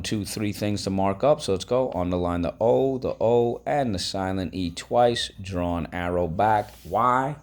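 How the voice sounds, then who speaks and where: A man teaching a phonics lesson, breaking words into syllables and prompting listeners to repeat. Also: sits low.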